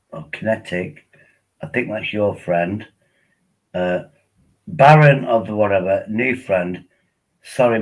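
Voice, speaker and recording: A man's voice: on the low side, low-quality recording. A tipsy man rambling casually as he hosts a live stream, coaxing viewers to join him on air. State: tipsy from drinking. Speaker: livestream host.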